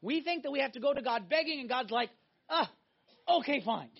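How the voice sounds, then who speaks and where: A man preaching a sermon, emphatic and animated, swinging between loud exhortation and hushed intensity. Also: extremely high pitch, fast talker, gravelly. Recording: dull lo-fi recording.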